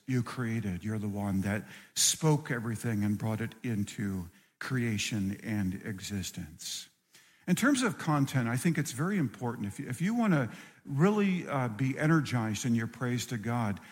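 A middle-aged man preaching a sermon, earnest and repeating phrases for emphasis. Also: mid-range voice. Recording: long hall reverb.

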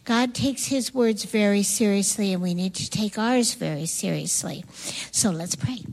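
A woman telling a children's Bible story with animated, repetitive emphasis. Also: medium pitch, measured pace, creaky, low-quality recording.

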